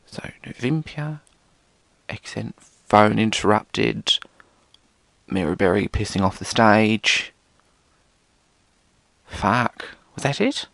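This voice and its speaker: A British man rambling through a casual solo podcast, sweary and theatrical. His voice sits fairly low and gravelly but swoops around animatedly. The sound is close and completely dry. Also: lively intonation, slow, long pauses, a bit bright, dry recording. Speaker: podcast host.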